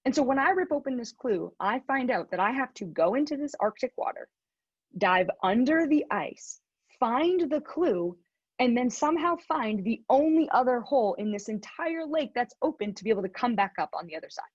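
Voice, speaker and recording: A woman with a husky, slightly higher voice tells a story as a motivational speaker, laughing often. The sound is dry and close, with a dull, lo-fi quality. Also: normal speed, no echo. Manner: animated, laughs often while telling the story. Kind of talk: storytelling keynote talk.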